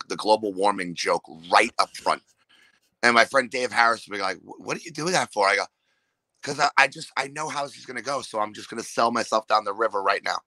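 New york guy, comic, low voice but sharp and bright, cursing a lot, dead dry sound. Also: no echo, low-quality recording. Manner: profane, ranting, acts out loud impressions of hecklers and drunks. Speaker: comedian guest. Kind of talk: casual podcast chat.

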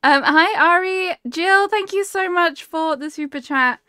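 A woman's voice: very high voice, a little slow, pushed and bright, no room sound, studio quality. A young woman chatting casually on a live game stream, giggling and greeting viewers by name. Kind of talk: casual live-stream chat while gaming.

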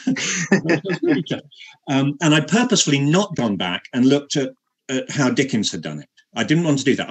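A man, an actor being interviewed, telling a self-mocking anecdote in halting speech with many repeated words and frequent laughter. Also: mid-range voice, fairly bright tone, breathy edge.

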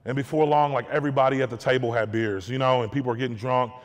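A man's voice: mid-range voice, fairly even intonation, quick pace. A man giving a candid personal testimony to an audience, earnest and repeating words as he searches for them. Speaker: guest speaker. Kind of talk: testimony talk. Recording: long hall reverb.

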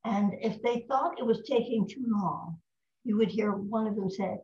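Lady in her 90s telling showbiz stories, lively, kinda roomy audio. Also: medium pitch, normal speed, a little hiss or hum. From United States. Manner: lively, anecdotal, fond of putting on voices. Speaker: guest, voice actress. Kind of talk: casual storytelling interview. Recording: roomy, slightly dull recording.

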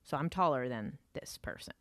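A woman's voice: very deep voice, expressive, normal speed, no room sound. A woman telling a personal story in a casual way, with many fillers and some swearing. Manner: filler-heavy, swears, vivid retelling. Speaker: storyteller recounting an encounter.

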